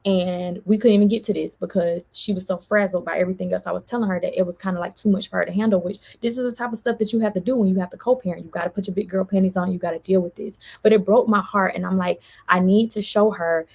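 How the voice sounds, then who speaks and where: A woman vlogger, venting in an animated storytime and quoting others as she goes. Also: medium pitch, fast, creaky, few pauses, breathy edge. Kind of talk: casual storytime vlog.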